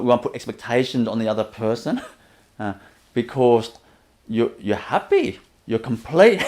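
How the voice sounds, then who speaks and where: A man giving a spiritual teacher's webinar talk, gently, chuckling often and repeating his phrases. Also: mid-range voice.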